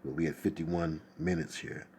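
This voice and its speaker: Extremely low-pitched, with little pitch movement and a darkish tone, a man speaks at a moderate pace amid slight background noise. He's hosting a casual livestream from his home desk, reading comments aloud with exclamations and asides.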